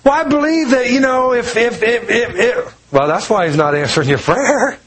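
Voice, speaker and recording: Male pastor, high voice, chatty storytelling sermon, chuckles often. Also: lively intonation, normal speed, a bit bright, low-quality recording. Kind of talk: casual sermon.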